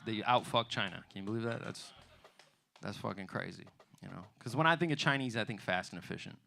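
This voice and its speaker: A man's voice: lowish voice, vocal fry, bright, forceful tone, a little hiss or hum. A man performing a stand-up comedy set in a loose, conversational way, often asking "you know what I mean". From United States. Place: theater bar stage.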